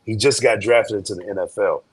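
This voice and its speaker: A man, a guest in an interview, telling a story in a joking, slangy, animated way. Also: on the low side, brisk, slightly rough, no echo.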